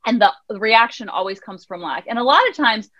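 A woman child counselor on a podcast, telling a parenting story in an animated way and acting out her son's lines. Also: a little high, fairly quick, low-quality recording. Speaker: child counselor and life coach guest. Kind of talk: podcast conversation.

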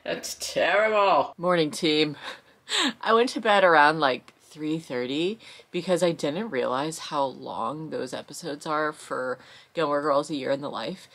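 A woman's voice: sits low, a little slow, a bit bright. A young woman chatting casually to camera in her vlog, gushing and swearing freely, sounding tired. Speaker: vlogger.

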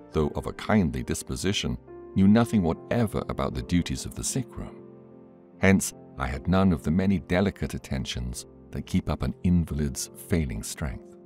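Very deep-voiced man reading an audiobook. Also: darkish tone. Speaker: audiobook reader. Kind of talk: scripted audiobook narration.

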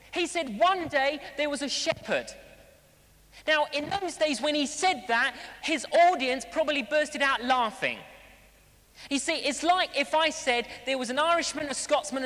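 A man's voice: extremely high pitch, moderate pace. A man preaching a sermon at a live celebration, telling stories with jokes and acted-out voices. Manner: animated storytelling, acting out voices and jokes. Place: large hall at a live celebration. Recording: long reverb of a big hall.

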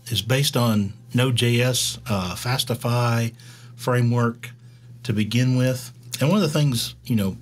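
Slow Southern-drawl man, low voice. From Georgia, US. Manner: rambling, halting, with many fillers. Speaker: developer stream host. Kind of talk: casual live-stream chat.

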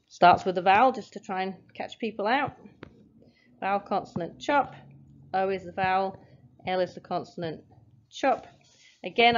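A woman's voice: on the low side, dull audio, slight background noise. A woman teaching a phonics lesson, patiently sounding out letters and syllables step by step. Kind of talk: phonics lesson, explaining at a board.

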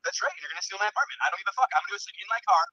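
A man's voice: high-pitched, animated, racing, pushed and bright, dry recording, highs cut off. A man on the phone who is angry, curses and interrupts. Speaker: caller on the phone.

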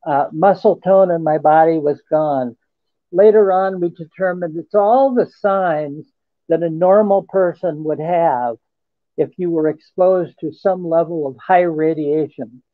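A man with a high voice recounts a personal story in an earnest, halting way, pausing to restart his sentences. He is heard over a tinny, dry phone line. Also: no room sound. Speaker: interview guest. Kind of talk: first-person account in a radio interview.

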